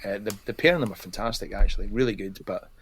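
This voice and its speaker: A man co-hosts a podcast, telling meandering stories and casually swearing as he searches for names. His voice sits a bit low. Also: quick pace, a bit bright, breathy edge. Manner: rambling anecdotes, swears. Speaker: podcast co-host. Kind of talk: casual chat.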